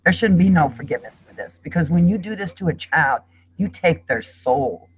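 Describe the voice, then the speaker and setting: A woman's voice: fairly low pitch, expressive, moderate pace, breathy edge, poor audio. A middle-aged woman speaking as a guest in an emotional panel discussion, talking in an impassioned, emphatic way.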